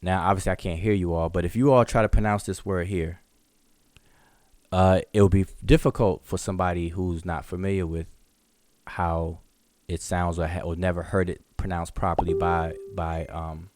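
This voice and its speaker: A man's voice: deep voice, steady tone, moderate pace, a little mellow, no echo. A man teaching in a live online question session, explaining patiently, repeating and restarting words and sounding out examples. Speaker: hieroglyphics teacher.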